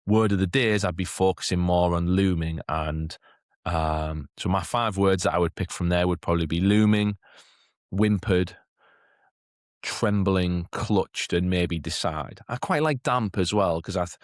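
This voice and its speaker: Man, deep voice, chatty teacher training talk, dry close sound. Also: measured pace, no echo. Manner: chatty, keeps asking "okay?"; lifts into a bright classroom voice for demonstrations.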